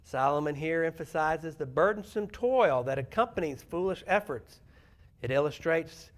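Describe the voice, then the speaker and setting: A man with a fairly high voice delivers a sermon in a church. He talks in a conversational way and often turns to the congregation with questions. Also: expressive, normal speed. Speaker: preacher. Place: church sanctuary.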